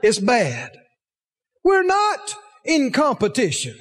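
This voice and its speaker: A man's voice: extremely high pitch, huge pitch swings, slow pace, a bit bright, long reverb tail. A man preaching a sermon, emphatic, asking the congregation rhetorical questions.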